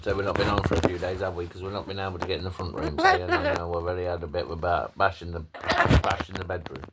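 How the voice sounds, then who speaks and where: Deep-voiced and sing-song, this man talks fast over very noisy audio. A pet owner vlogger, he's indoors at home with his phone camera held close, teasing his bird, scolding it and cursing in an offhand way.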